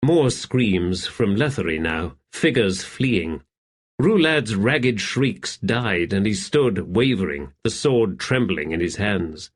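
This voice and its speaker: Slow, low-voiced male audiobook narrator. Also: lively intonation.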